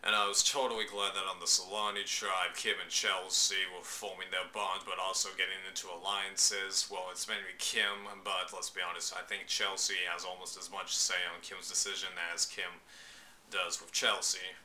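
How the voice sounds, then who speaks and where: A man's voice: low voice, flat delivery, normal speed, sharp tone, slight background noise. A man giving his opinions in a casual, chatty vlog, loose and slangy, with bursts of exclamation. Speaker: vlogger reviewing a reality show.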